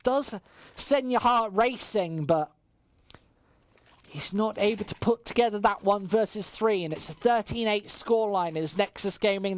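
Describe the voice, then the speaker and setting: A caster giving live play-by-play commentary on a match, rising in bursts of excitement over the big plays. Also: medium pitch. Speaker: esports caster.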